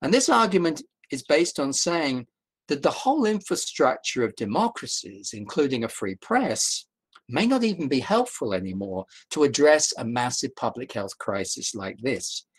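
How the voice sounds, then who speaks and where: Brief: male professor, measured, emphatic remote lecture, rhetorical questions, mid-pitched voice, video call sound. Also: sing-song, breathy edge. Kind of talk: online academic talk. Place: indoors at home during rain.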